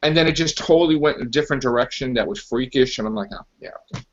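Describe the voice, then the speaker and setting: A podcast host with a mid-range voice talks very fast, ranting in exasperated disbelief about a movie and acting out its quotes. It's a casual movie review chat captured as dull lo-fi podcast audio with slight background noise.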